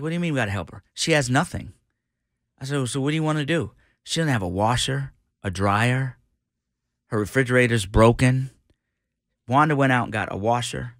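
A middle-aged man telling an animated story on a radio show, acting out the voices of the people in it. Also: medium pitch, dry recording, clean studio sound. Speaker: radio host guest. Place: radio studio.

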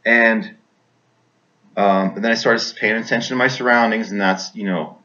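A man's voice: lowish voice, fairly even intonation, moderate pace, sharp tone. A man telling a personal war story as a veteran, rambling, repeating words, with many fillers. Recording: dull lo-fi recording.

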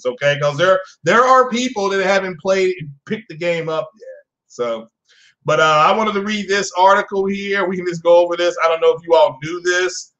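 A man's voice: sits high, normal speed, a bit bright, muffled recording. Chatty man hosting a live gaming stream. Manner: rambling, chatty, talks to chat viewers by name. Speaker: gaming podcast host. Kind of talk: casual live-stream chat.

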